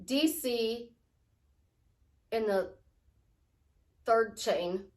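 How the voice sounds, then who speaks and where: Her pitch fairly high and her pace very slow, a woman life coach chats to camera about prayer. She rambles casually and plays out small dialogues for her viewers.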